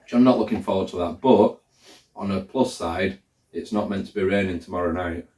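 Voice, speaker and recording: A deep-voiced man chats casually to camera, rambling and thinking aloud with lots of fillers. He sounds set back from the mic in an echoey room. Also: brisk, a little mellow, recorded from a distance. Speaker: hiker vlogger. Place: indoors, room where he is drying socks under a fan.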